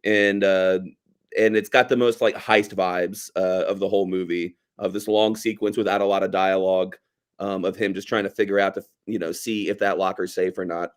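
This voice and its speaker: A man's voice: low-pitched, fairly even intonation, moderate pace. Man, podcast co-host, casual movie chat, rambling, filler words. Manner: chatty, lots of fillers, quotes lines from the movie.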